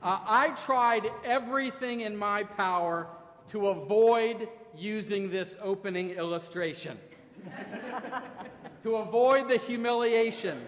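A middle-aged male pastor from Ohio delivers a sermon in a very high voice, taking his time over each phrase. His delivery is wry and self-deprecating, with a storyteller's comic timing. The sound rings with the long reverb of a large church hall. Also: fairly bright tone. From Ohio, USA. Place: church sanctuary. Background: congregation laughing.

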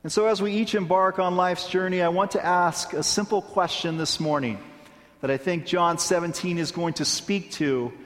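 A male pastor preaching a sermon in a measured way, with deliberate pauses. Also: high-pitched, a bit bright, in a large hall. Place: church sanctuary.

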